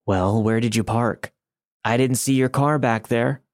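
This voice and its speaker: A man's voice: medium pitch, fairly even intonation, measured pace, darkish tone, no echo, studio quality, close to an everyday voice. A man voicing a creepy, grinning male stranger who pushes a lone walker to get into his car. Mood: pushy. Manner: insistent, turning menacing.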